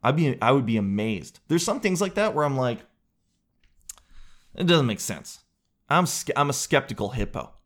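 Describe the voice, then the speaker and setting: Male solo podcast host, rambling comic riffs, mid-range pitch. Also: big pitch swings, normal speed, pauses often, fairly bright tone. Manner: rambling, jokey, riffing with crude asides. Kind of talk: solo comedic podcast chat.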